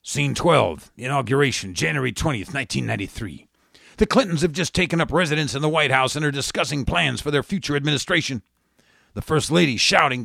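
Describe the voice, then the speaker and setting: A man's voice: mid-range voice, lively intonation, fairly quick, creaky, pushed and bright, dry recording, clean studio sound. A man hosting a satirical radio commentary show, delivering it with sardonic, mocking asides. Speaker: talk show host.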